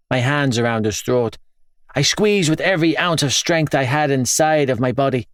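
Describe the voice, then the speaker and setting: A man narrating a first-person audiobook in a grave, measured, intense manner. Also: mid-range voice, dry recording, clean studio sound.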